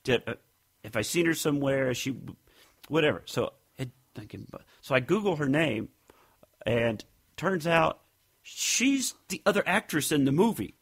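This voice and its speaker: A man's voice: fairly high pitch, expressive, normal speed, fairly bright tone, husky. A man co-hosting a casual podcast, telling rambling stories and acting out what people said. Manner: rambling storyteller, acts out quotes. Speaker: podcast co-host. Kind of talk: casual chat.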